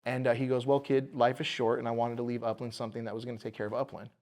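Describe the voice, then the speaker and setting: A man's voice: mid-range voice, little pitch movement, racing, darkish tone. A man, a bar owner, telling the story of buying his building in a casual podcast interview, acting out the voices of the people in it.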